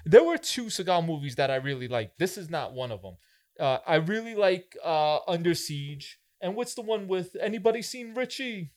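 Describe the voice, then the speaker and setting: A man's voice: fairly high pitch, big pitch swings, normal speed. A man co-hosting a casual movie review chat, incredulous and riffing on the absurd parts of a film. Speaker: podcast co-host.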